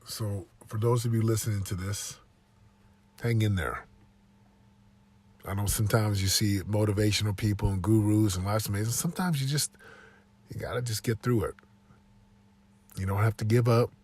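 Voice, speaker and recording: A man's voice: lowish voice, fairly even intonation, normal speed, long pauses, a little mellow, breathy edge. A tired man giving an earnest, upbeat motivational talk while driving, often repeating phrases. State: tired, yawning. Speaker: podcast host. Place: inside a moving car.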